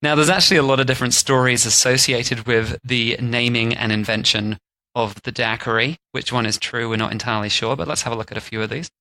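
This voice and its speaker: A man's voice: medium pitch, fairly even intonation, fast talker, pushed and bright. A man co-hosting a podcast, telling drink history stories in casual chat with playful jokes. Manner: playful storytelling, mock-posh impressions. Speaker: podcast co-host.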